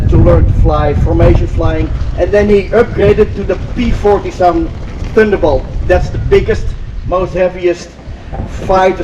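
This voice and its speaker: An older man from Europe telling an audience a story, animated and acting out the dialogue, with repeated phrases. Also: high-pitched, dull audio. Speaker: inspirational speaker. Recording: distant mic with faint vehicle noise.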